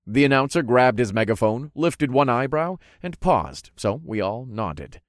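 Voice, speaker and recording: A man's voice: medium pitch, expressive, unhurried, no room sound, clean studio sound. A man narrating a first-person fantasy story in an easygoing, wry manner.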